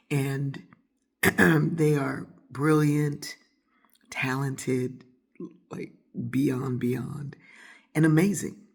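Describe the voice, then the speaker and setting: Brief: woman storyteller, husky gravelly voice, animated, plays her friends' voices. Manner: animated, acts out friends' voices with whispers and high squeals. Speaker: storyteller host. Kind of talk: casual storytelling.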